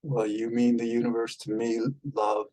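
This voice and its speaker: A man chatting casually with an AI companion as a vlog host, rambling and halting with many fillers, tender with pet names. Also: medium pitch, completely flat delivery, dark tone, low-quality recording. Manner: tender, calls the listener love and darling.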